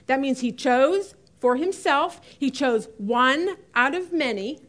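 High-voiced woman teaching Bible class. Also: animated, takes it slowly, fairly bright tone. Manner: chatty, laughs often, stresses key words. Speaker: women's Bible study teacher.

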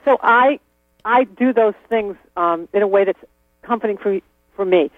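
A man's voice: sits high, normal speed, dry recording, faint music behind. Chatty man on a tinny line. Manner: chatty, laughs often, frequent ums and restarts. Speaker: guest. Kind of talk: casual interview talk. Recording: tinny phone-like line with mains hum.

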